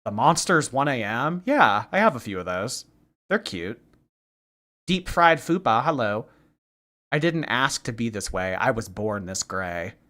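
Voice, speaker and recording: A man hosting a livestream, reading viewer messages aloud and answering with quick snarky reactions. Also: medium pitch, very animated, bright, forceful tone. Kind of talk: casual livestream chat.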